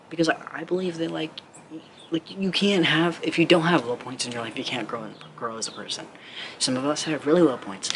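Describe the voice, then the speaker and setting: A man talking straight to camera as a motivational speaker, earnest and rambling, with lots of 'like'. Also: a little high. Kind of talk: casual direct-to-camera talk. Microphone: camera mic. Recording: clear steady background noise.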